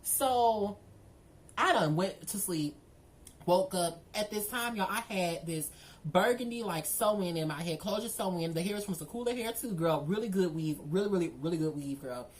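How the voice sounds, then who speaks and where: A woman tells a storytime to her viewers, sassy and full of swearing. Her voice sits a little low for a woman. She keeps calling the audience girl and y'all as she talks. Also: expressive, moderate pace. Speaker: vlogger telling a story. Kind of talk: casual storytime monologue.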